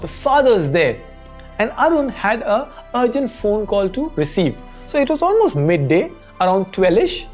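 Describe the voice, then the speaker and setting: A woman's voice: medium pitch, darkish tone, highs cut off. A woman with an Indian English accent presenting a motivational lesson, firing rhetorical questions at the audience. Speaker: education show presenter.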